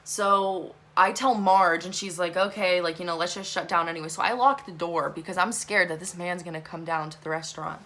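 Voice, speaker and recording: A young woman telling a storytime vlog, talking fast and animated, swearing a lot and saying "like" often. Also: lowish voice. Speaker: vlogger.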